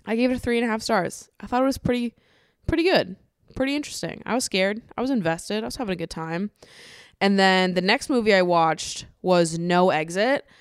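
A woman's voice: medium pitch, expressive, a little fast, smooth, dry recording, studio quality. A woman hosting a podcast, rambling in a casual, chatty way, swearing freely and laughing often. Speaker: podcast host.

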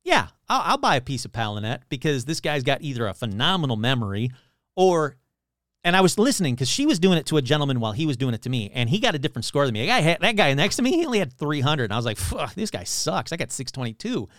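A man spins a comic story in a loose, rambling way, leaning on "like" and correcting himself as he goes. His voice sits a little high and leaps around in pitch. The recording is dry and close. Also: big pitch swings, fast, fairly bright tone, no echo. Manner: rambling, full of "like" and self-corrections.

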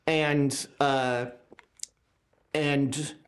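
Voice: mid-range voice, flat delivery, extremely slow. A game master narrating a tabletop horror game, joking and stopping often to find words. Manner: hesitant, jokey narration.

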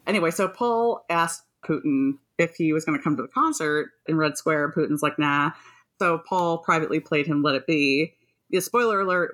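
A woman co-hosting a podcast, chatting casually, often laughing and swearing as she tells a story. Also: low voice. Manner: lively, laughing often, profane. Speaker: podcast co-host. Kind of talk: casual chat.

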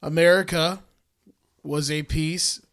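A man's voice: a little high, steady tone, slow pace, a bit bright. A man hosting a casual podcast chat, reading from his outline with stumbles and swearing. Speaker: podcast host telling a story.

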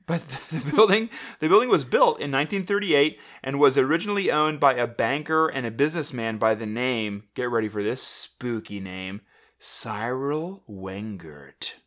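A man's voice: medium pitch, a little fast, hardly any pauses, a bit bright. A young man co-hosting a casual chat, rambling and joking with lots of fillers and restarts. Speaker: podcast co-host.

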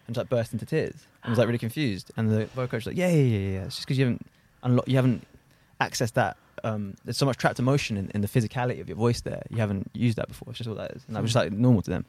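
Brief: man host, very fast, rambling, curious. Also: mid-range voice, darkish tone. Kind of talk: casual chat.

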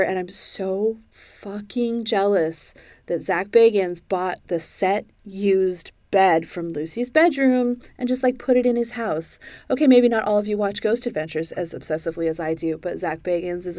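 Mellow-voiced woman hosting a sleep story. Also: mid-range voice, dry recording. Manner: chatty and self-deprecating, softening to a calm hushed reading. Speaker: podcast host. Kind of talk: casual chat, then soft sleep-story reading.

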